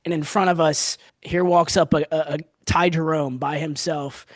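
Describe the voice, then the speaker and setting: Quick-talking young man, sports podcast host. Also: fairly high pitch, steady tone, no echo, studio quality. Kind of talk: casual sports podcast chat.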